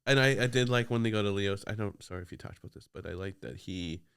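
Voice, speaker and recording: A man with a low voice talks through scenes from a film with his co-host. He is relaxed and casual, laughs a lot, and swears now and then. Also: quick pace, vocal fry, smooth. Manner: laid-back, laughs often, retells scenes. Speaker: podcast co-host. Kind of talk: casual movie discussion.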